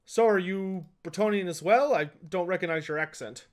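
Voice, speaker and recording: A folksy horse trader who is wary of wizards, put on by a man running the game. He speaks a little higher than an ordinary man, asks pointed questions in an offhand way, and sounds plainly like a game master doing a voice. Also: normal speed, close to an everyday voice.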